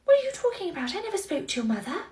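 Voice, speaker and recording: A woman playing a cold, officious nursery manager, scolding in a clipped, deliberate way. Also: extremely high pitch, sing-song, darkish tone, far from the mic. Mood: stern. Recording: roomy echo, faint noise.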